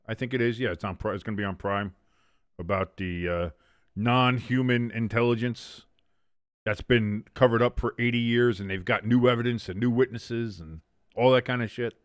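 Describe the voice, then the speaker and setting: A man's voice: mid-range voice, fairly even intonation, moderate pace, no echo. A young man hosting a casual live watch-along of a football game, rambling, self-mocking and swearing freely as he calls plays.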